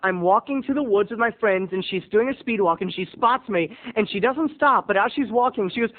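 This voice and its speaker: A man hosting a video blog, telling a comic story with theatrical swings between booming and hushed. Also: brisk, few pauses. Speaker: vlog host. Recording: tinny phone-like audio.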